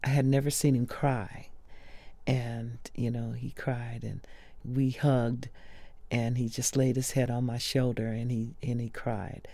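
A woman sharing personal memories of a close friend in an interview, soft-spoken and often dropping to a hush. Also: a bass voice, flat delivery, unhurried, no room sound.

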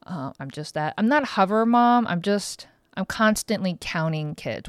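A woman's voice: medium pitch, animated, normal speed, no echo. A mother in her thirties hosting a podcast, rambling frankly and swearing casually in a loose, chatty monologue. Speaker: podcast host.

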